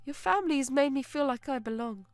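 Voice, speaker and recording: A woman narrator voicing a shy, grateful young woman who speaks in a soft, earnest way. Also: sits high, lively intonation, fast, no room sound, voice pushed up. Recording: dry close narration with soft music.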